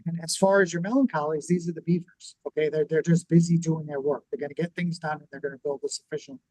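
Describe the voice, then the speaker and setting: A man co-hosting a business talk show, teaching in a lively conversational way and acting out what people would say. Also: a little high, fast talker, dry recording, poor audio. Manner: animated, acts out quoted reactions. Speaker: podcast co-host.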